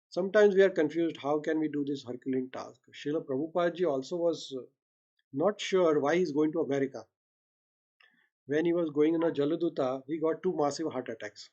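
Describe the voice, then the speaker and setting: A man with an Indian accent delivers a devotional talk in a mellow, rather high voice. He speaks unhurriedly, checking in with his listeners now and then, and the recording is muffled and lo-fi. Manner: speaks unhurriedly, often ends points with a questioning "right?", mixes in Hindi. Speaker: satsang speaker.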